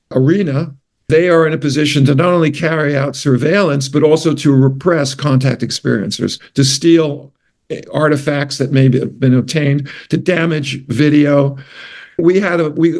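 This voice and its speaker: A man's voice: fairly high pitch, darkish tone. An older man with a New York accent, a doctor telling stories in a rambling, anecdotal interview style with frequent self-corrections. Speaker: guest, retired physician. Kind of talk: casual interview storytelling.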